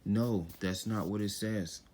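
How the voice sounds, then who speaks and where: Lowish-voiced man preaching casually from scripture. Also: fairly even intonation, measured pace, darkish tone, slight background noise. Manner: loose and conversational, reading verses then explaining them in slang; often repeats "you know what I'm saying". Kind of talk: informal scripture teaching.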